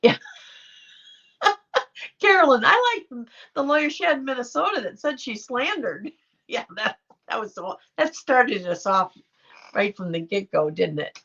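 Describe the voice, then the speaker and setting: Middle-aged woman, livestream host, unhurried and gravelly, chatty and affectionate, dull home-stream sound. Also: on the high side, lively intonation, a bit bright. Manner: chatty, affectionate, reacts to viewer comments. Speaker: livestream host reading chat. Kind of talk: casual livestream chat.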